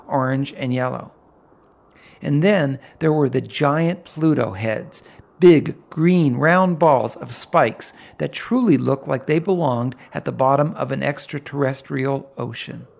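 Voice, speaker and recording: Gravelly man narrating a story. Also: fairly high pitch, a little mellow. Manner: vivid, unhurried, descriptive storytelling. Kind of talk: first-person audiobook narration.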